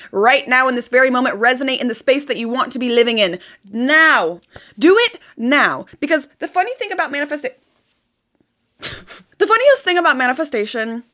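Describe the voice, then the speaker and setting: A young woman vlogging about manifestation, talking in an emphatic, animated way and repeating herself for effect. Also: high-pitched. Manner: animated, emphatic, repetitive, swears casually. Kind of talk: casual motivational vlog.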